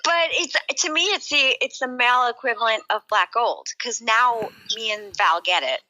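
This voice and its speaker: A woman telling a story to friends in a casual voice chat, animated and giggly. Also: a little high, moderate pace, no room sound, rough recording. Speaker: stream guest.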